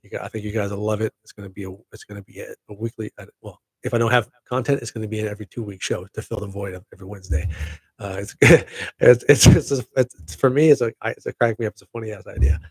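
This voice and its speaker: Gravelly, rambling male show host. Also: on the low side, fast, no room sound. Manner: excitable, rambling, laughing asides. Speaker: podcast host. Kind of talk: casual solo show chat.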